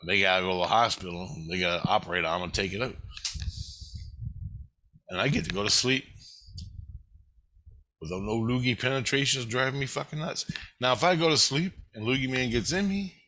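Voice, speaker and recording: Vlogger, male, bright forceful voice, rambling and heavily profane delivery. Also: medium pitch, a little fast, long pauses. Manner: profane, agitated, swears constantly. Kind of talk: rambling first-person monologue.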